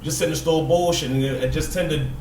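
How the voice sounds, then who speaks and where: Fast-talking man in a roomy studio. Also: fairly high pitch, fairly even intonation, darkish tone. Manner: laid-back, profane, acts out quotes. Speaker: guest, store owner. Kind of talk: casual storytelling. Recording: roomy echo, mic at a distance, faint noise.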